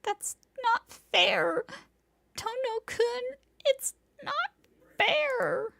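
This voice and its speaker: Weeping young senpai for a visual novel read, very high and teary, tears breaking the voice. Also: female voice, lively intonation, extremely slow, vocal fry, bright, forceful tone, dry recording, full character voice. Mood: sobbing. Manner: high, tearful, sobbing cry. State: crying. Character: young woman senpai, sobbing, ashamed. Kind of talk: dramatic reading of a visual novel.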